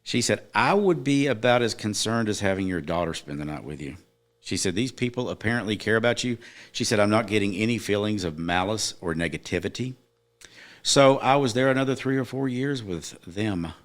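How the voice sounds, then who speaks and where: A man's voice: on the low side, expressive, brisk. A middle-aged man, a podcast guest, earnestly telling a personal story in casual chat, with emphatic moments.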